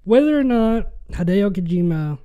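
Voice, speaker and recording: A man's voice: sits high, expressive, moderate pace, clear, resonant tone, lo-fi sound. A young man hosting a podcast, ranting in an exasperated way, swearing and tripping over his words. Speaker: podcast host.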